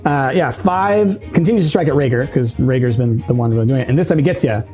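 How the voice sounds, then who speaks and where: A man running a tabletop game as game master, laughing often and jumping into excited character squeals. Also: mid-range voice, fast, faint music behind.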